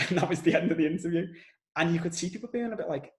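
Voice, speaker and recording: A man with a Scouse accent hosting a podcast, telling stories in an animated, casual way and swearing now and then. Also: fairly high pitch, fast talker, reverberant, low-quality recording. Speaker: podcast host. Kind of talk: casual conversational podcast chat.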